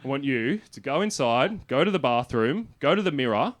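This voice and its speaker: A blunt, weary cop, put on by a comedian, who lectures flatly and sternly in a middle-pitched voice. There is a faint hiss behind him. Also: male voice, moderate pace, close to an everyday voice. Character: blunt, weary male police officer.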